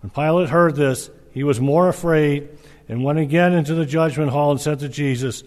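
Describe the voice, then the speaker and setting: A man reading a long scripture passage aloud in a measured, earnest way, with small slips. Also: on the high side, a little mellow. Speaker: scripture reader. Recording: reverberant hall.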